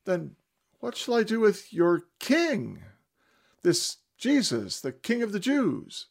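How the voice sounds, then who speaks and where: A man's voice: sits high, huge pitch swings, slow, gravelly, pitched above the performer's own voice, exaggerated voice. A man voicing a sly, mocking Roman governor with a theatrical, questioning tone. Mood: incredulous.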